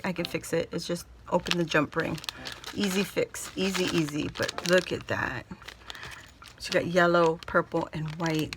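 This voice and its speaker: A woman's voice: fairly low pitch, rough recording. A woman vlogger opening craft gifts on camera, gushing and exclaiming again and again in casual chat. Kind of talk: excited casual unboxing chat.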